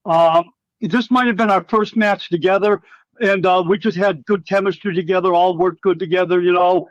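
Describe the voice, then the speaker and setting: A man's voice: high voice, fairly even intonation, moderate pace, no room sound. A middle-aged man, a former wrestler, telling rambling, profanity-laced stories in a casual interview and acting out what others said. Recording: slightly dull, dry recording.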